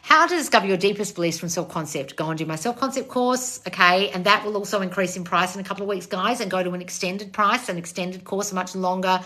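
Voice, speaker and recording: A woman's voice: fast talker, few pauses, bright, forceful tone. A woman in her thirties hosting a livestream, reading out viewer comments and answering them bluntly, swearing freely and calling people darling. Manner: high squeals when greeting viewers. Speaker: manifestation coach hosting a livestream.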